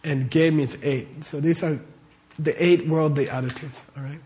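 A man's voice: fairly high pitch, fairly even intonation, normal speed, darkish tone. A man giving a casual Buddhist teaching to a live audience. He talks conversationally, often asks the audience questions and checks in with them with "okay?" and "right?". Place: warm room with a live audience.

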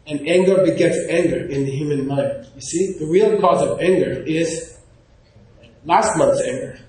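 A teacher with a fairly high-pitched voice delivers an informal, animated lecture, pausing often to check in with his class. The room is very echoey.

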